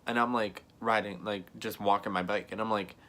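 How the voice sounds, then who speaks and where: A young man telling a story in a vlog, animated, often acting out other people's lines and filling his talk with "like". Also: on the low side, fairly quick. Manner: frequent "like" fillers, laughs between lines. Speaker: vlogger.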